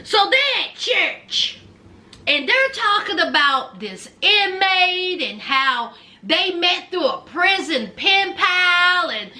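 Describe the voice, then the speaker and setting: Sassy woman with a very high voice. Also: very animated, slow, bright, forceful tone. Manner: sassy, teasing, addresses viewers as honey and child. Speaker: reality show recapper. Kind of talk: casual show recap.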